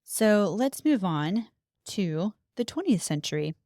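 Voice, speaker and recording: A woman's voice: mid-range voice, very animated, slow pace, dark tone, dry recording, studio quality. A woman co-hosting a casual podcast, reading history notes aloud with chatty asides. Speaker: podcast co-host.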